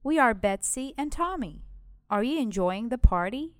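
A woman voicing a friendly British schoolgirl at a party, speaking slowly and carefully in a scripted language-lesson dialogue. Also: on the high side, animated, dry recording, studio quality, lightly acted. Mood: cheerful.

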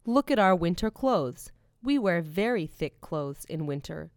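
A woman's voice: fairly low pitch, expressive, unhurried, dry recording, studio quality. A woman voicing friendly girls from Arabia, Italy and Russia, explaining simply in a scripted language-lesson dialogue.

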